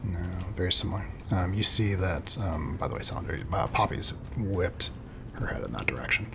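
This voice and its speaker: Deep-voiced man running a tabletop game. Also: creaky. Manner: calm, measured descriptions with frequent "um"s. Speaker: game master. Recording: home recording with noticeable background noise.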